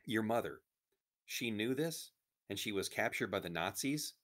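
Man reading a stern, low-voiced resistance chief, quiet and measured, storybook. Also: animated. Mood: firm. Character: stern male resistance leader, businesslike.

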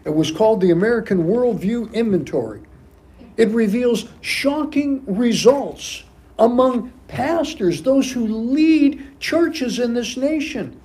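A man's voice: extremely high pitch, animated, takes it slowly, a little mellow. A man preaching a sermon as pastor of a church, emphatic and repeating key phrases for stress. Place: church sanctuary.

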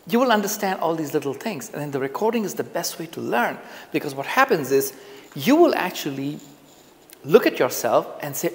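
A man teaching public speaking to the camera in a relaxed, conversational way, often repeating phrases for emphasis. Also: fairly high pitch, brisk, in a large hall. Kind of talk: casual on-camera lesson. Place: indoors, filming himself on camera. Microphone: camera mic, speaking to camera.

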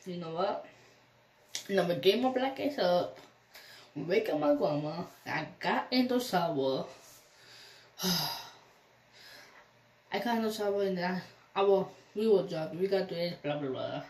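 A woman's voice: mid-range voice, a little mellow, far from the mic. A young woman recounts a story for her vlog, her voice rising and falling a lot as she plays out each quoted call. She sits some way from the camera mic, and the room echoes around her. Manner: rambling retelling, acting out quoted phone calls. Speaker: vlogger.

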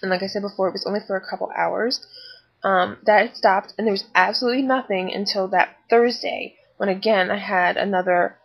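A woman's voice: medium pitch, fairly even intonation, brisk, gravelly, slightly rough, rough recording. A young woman in her twenties, tired and candid, chatting in a pregnancy vlog recorded on a laptop webcam. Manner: chatty and candid, lots of fillers and asides. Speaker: vlogger.

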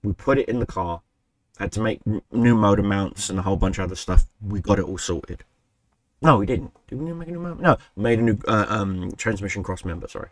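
Low-voiced man telling a profane story. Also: a little fast, dry recording. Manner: profane, rambling, self-correcting. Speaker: gaming channel host. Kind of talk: casual storytelling. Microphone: desk microphone he keeps bumping.

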